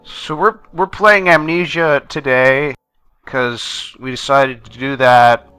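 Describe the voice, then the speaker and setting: A man with a bright, forceful tone playing a game while friends comment. He reacts with flustered, joking remarks in casual talk. Faint music plays underneath. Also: medium pitch, fairly even intonation, takes it slowly, clear, resonant tone, dry recording. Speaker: player on a game commentary show. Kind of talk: casual let's-play commentary.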